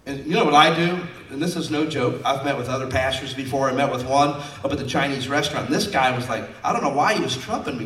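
A man's voice: mid-range voice, fairly bright tone, slight background noise. Male pastor, sermon, folksy, conversational, echoey church, distant mic. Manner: folksy and conversational, acting out quotes.

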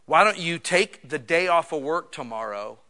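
A male pastor preaching a sermon in a church, joking and casual, swinging from quiet asides to loud bursts. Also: fairly high pitch, lively intonation, moderate pace.

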